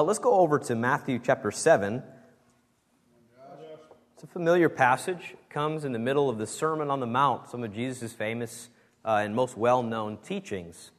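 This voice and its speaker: A male pastor delivering a Sunday sermon at a middle pitch. He speaks earnestly and stresses words with shifting emphasis. His voice rings out with the long reverb of a church hall. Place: church sanctuary.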